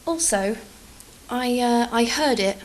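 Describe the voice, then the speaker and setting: A woman's voice: on the high side, slow pace, low-quality recording. Chatty British woman vlogger. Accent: British English. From England. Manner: chatty, self-deprecating, rambling with fillers. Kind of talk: casual storytelling over a game build.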